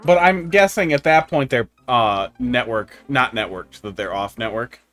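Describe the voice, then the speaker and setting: A man's voice: medium pitch, normal speed, a bit bright. A man streaming a video game, chatting casually with viewers and telling rambling, profane tech stories with dry humor. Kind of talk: casual live-stream chat. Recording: faint music underneath.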